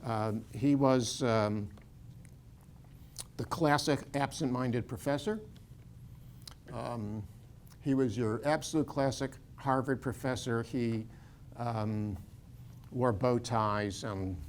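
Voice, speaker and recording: A man's voice: medium pitch, a little hiss or hum. Older man lecturing with many restarts. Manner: digressive, many fillers and restarts. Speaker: Bible scholar lecturer. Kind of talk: informal lecture with anecdotes.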